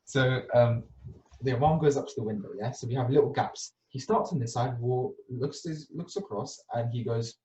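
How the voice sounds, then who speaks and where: A young man tells a story on a podcast in an animated, playful way, acting out each moment. His voice is in the middle of the range for a man. The mic sits a little way off in a room that echoes. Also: mid-range voice, normal speed. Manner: animated, acts out scenes, tags lines with "yeah?". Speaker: podcast co-host. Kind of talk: casual storytelling. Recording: roomy sound, mic at a distance.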